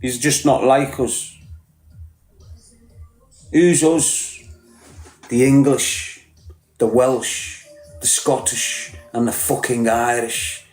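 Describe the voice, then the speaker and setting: A man's voice: mid-range voice, fairly even intonation, extremely slow, long pauses, a little mellow, roomy sound, soft background music. A man with a Liverpool accent ranting bluntly on a podcast, combative and full of swearing. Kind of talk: heated podcast rant.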